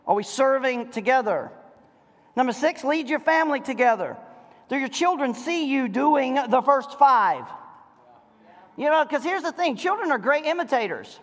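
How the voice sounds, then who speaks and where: Brief: middle-aged male pastor, very high voice, preaching with rhetorical questions, sanctuary reverb. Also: sing-song, normal speed, a bit bright. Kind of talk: sermon. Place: church sanctuary. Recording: reverberant church hall.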